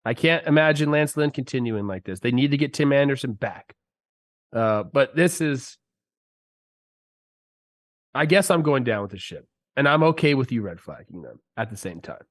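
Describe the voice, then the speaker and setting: A man's voice: mid-range voice, expressive. A man co-hosting a sports podcast, a former player talking casually and ranting with heat while sick with a cold. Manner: fired-up, ranting, drawn-out "dude" and "bro". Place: podcast studio.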